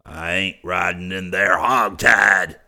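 A man voicing a gruff, stubborn old rancher in a western audiobook, snarling and barking his lines. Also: deep voice, fairly even intonation, unhurried, sharp tone, full character voice. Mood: surly. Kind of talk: audiobook character voice.

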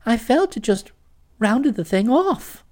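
A woman's voice: fairly high pitch, big pitch swings, slow, dark tone, pitched below the performer's own voice. A woman voicing an impulsive young woman who earnestly owns up to a mistake in a storybook. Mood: confessing. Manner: earnest, apologetic.

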